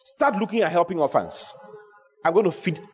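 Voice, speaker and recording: Male preacher, high and lively voice, reverberant hall. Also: normal speed, faint music behind. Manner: animated, emphatic preaching with repeated phrases. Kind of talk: sermon.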